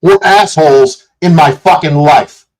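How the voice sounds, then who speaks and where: A man with a slightly high voice rants furiously into his streaming mic, swearing constantly and jabbing at viewers in the chat. His delivery is combative and heated, a confrontational livestream tirade. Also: measured pace, poor audio. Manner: profane, combative, shouting at chat. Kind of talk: angry livestream rant. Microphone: streaming setup mic.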